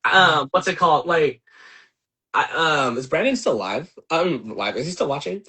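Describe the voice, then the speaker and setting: A young man venting in a casual livestream rant, animated, profane and rambling with lots of fillers. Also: fairly high pitch, moderate pace, breathy edge. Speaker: channel host and filmmaker.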